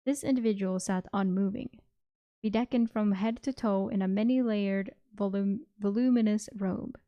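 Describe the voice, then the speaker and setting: A young woman streamer reading a fantasy story aloud at an unhurried pace, now and then correcting a word. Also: medium pitch, fairly even intonation, muffled recording. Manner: unhurried, occasional self-corrections.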